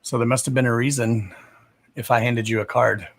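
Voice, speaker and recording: A man's voice: mid-range voice, steady tone, fairly quick. Chatty, foul-mouthed male livestream host. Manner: chatty, profane, laughs easily, talks to viewers by name. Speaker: psychic reader hosting a livestream. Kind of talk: casual livestream chat with viewers.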